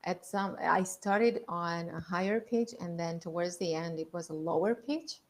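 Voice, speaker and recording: In a lowish voice and at a measured pace, a female leadership coach leads an online masterclass. She guides listeners calmly through breathing exercises, going over her points more than once.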